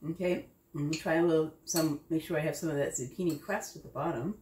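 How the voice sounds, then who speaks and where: A woman's voice: low-pitched, quick pace, darkish tone, a little hiss or hum. A woman hosting a casual recipe demo, chatty and thinking aloud as she tastes her dish. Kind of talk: casual cooking demo talk. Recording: echoey kitchen. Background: clinking dishes and cutlery.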